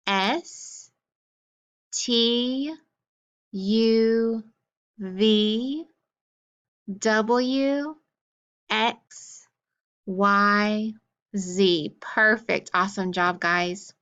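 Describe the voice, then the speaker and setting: A woman's voice: on the high side, fairly bright tone, clear, resonant tone, dull audio. A woman teacher leading a phonics drill, saying sounds and letters one at a time. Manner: slow, deliberate letter-by-letter recitation.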